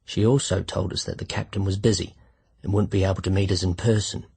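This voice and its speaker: A man narrating a literary short story in the first person, measured and reflective. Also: sits low, little pitch movement, creaky, mellow, slightly rough. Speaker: audiobook narrator.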